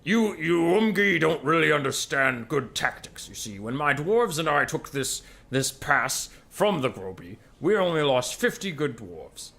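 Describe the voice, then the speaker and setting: A man's voice: fairly high pitch, very animated, unhurried, vocal fry, few pauses, bright, forceful tone, voice pushed up, heavily acted. A man doing a boastful dwarf warrior. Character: gruff boastful male dwarf warrior in a joke.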